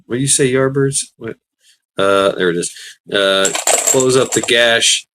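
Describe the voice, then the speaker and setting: A man's voice: mid-range voice, a little slow, background noise. A man chatting casually while gaming, rambling with many restarts and fillers, swearing freely.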